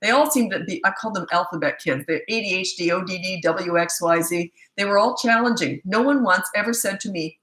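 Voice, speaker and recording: Fast-talking older woman, echoey room. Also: fairly low pitch, a bit bright. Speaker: parenting coach. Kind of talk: live-stream Q&A.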